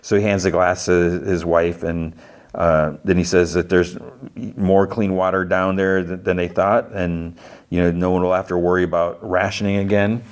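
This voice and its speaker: Deep-voiced man rambling through a recap. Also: flat delivery, moderate pace, clean tone. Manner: rambling, heavy use of fillers and restarts; briefly acts out characters' lines in quotes. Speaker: podcast host. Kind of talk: casual episode recap.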